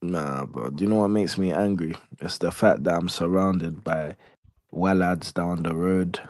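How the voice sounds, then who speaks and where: A man's voice: low voice, fairly even intonation, a little slow, darkish tone, dry recording. A man ranting animatedly in casual podcast banter, full of street slang. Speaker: podcast co-host.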